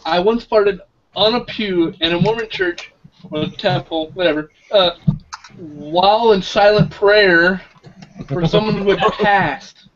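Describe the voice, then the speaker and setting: A man's voice: sits high, sing-song, a little slow. A man in a casual live chat with friends, cracking blunt, crude jokes. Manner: blunt, crude jokey quips. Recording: dull lo-fi mic with chatter behind.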